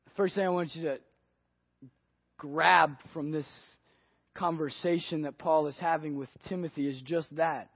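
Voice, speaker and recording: A male pastor preaching a sermon earnestly, swinging between hushed and emphatic delivery. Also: fairly high pitch, fairly even intonation, a little slow, creaky, slightly rough, dry recording. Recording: dry, dull lo-fi audio.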